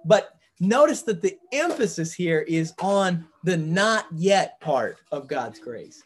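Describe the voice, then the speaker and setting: A man's voice: high-pitched, very animated, slow pace. A man leading a Bible study group, teaching in an earnest way and thinking aloud with fillers and restarts.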